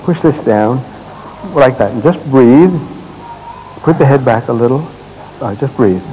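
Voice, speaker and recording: A male therapist works through a live demonstration on a conference stage, giving short, calm commands and then turning to explain what he sees. His pitch sits in an ordinary middle range, and a faint hiss runs under the recording. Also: unhurried, low-quality recording. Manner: gentle, directive coaching with short commands. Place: stage at a congress.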